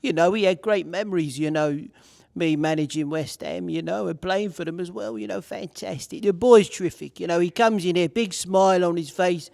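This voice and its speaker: A man's voice: high-pitched, moderate pace, creaky, a little mellow, no room sound, studio quality. A man doing a rambling older football boss. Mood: effusive. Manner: rambling, full of "you know", heaps praise.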